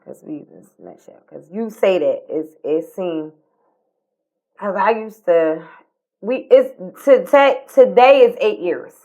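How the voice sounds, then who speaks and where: A woman's voice: mid-range voice, takes it slowly. Tearful woman telling a story. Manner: swings from animated retelling to quiet tearful near-whispers. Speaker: podcast co-host. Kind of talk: emotional casual storytelling.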